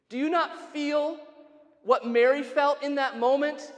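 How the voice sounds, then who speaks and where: A man's voice: very high voice, fairly even intonation, a little slow. Guy pastor preaching, chatty, asks the room questions, lots of church echo. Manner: conversational, asks the congregation questions, wry asides. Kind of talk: sermon. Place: church sanctuary. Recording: long church reverb.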